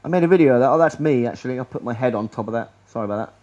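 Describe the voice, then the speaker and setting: A man's voice: mid-range voice, lively intonation, racing, a little mellow, dull audio. A man giving a rambling, sarcastic presentation to an audience in a lecture room, often restarting his sentences. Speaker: public speaker.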